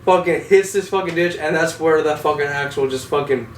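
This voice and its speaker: A man's voice: fairly high pitch, brisk. A young man, an Army vehicle driver, telling war stories casually with heavy swearing, in an echoey room. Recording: echoey room, distant mic, faint noise.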